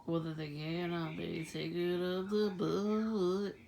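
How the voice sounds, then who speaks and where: A woman's voice: on the low side, little pitch movement, measured pace, creaky, noisy background. A woman talking casually to camera, laughing often as she rambles through a story. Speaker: vlogger. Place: outdoors at night.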